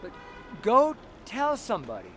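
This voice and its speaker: Fervent high-voiced man preaching on a street. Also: wildly swooping pitch, moderate pace. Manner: loud, blunt and fervent, talking to passers-by. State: tired. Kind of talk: outdoor street sermon. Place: city street with walls around. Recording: faint city street noise. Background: traffic and street noise.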